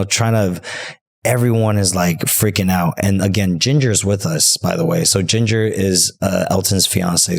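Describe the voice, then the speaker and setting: A man telling a story as a podcast guest in casual chat, rambling and animated, filling his talk with "like" and "you know" and swearing freely. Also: deep voice, vocal fry.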